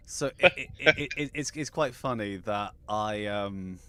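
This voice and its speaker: A man co-hosting a live gaming show in casual chat, excitable and stammering with frequent restarts. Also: fairly low pitch, measured pace, clean tone, no room sound. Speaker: co-host.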